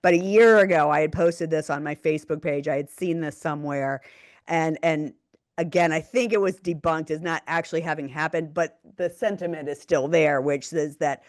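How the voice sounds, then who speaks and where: A middle-aged woman co-hosting a podcast, speaking emphatically and laughing easily in casual political talk. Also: low voice. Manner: animated, emphatic, quick to laugh. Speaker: podcast co-host.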